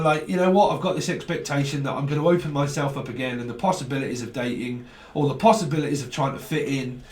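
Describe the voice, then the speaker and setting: Rambling man reading tarot. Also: a little high. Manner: rambling, animated, frequent swearing and slang. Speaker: tarot reader. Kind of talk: casual tarot reading monologue. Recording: roomy sound from a mic at a distance.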